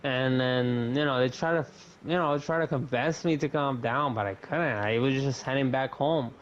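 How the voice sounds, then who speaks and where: A man's voice: mid-range voice, moderate pace. A young man on a podcast, telling a story casually, swearing often and acting out what people said. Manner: animated, swears often, acts out quotes. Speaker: podcast co-host. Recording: dull lo-fi mic with faint noise.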